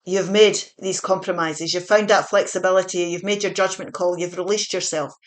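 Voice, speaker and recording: Speaking at a moderate pace with fairly even intonation, a woman with a lowish voice offers a reassuring, chatty tarot reading. Occasionally she stops to correct herself mid-sentence.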